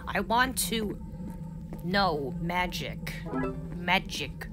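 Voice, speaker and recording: Rambling woman gamer over loud music. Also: fairly low pitch, extremely slow. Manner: chatty, rambling, easily excited. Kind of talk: let's play commentary. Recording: loud game music behind.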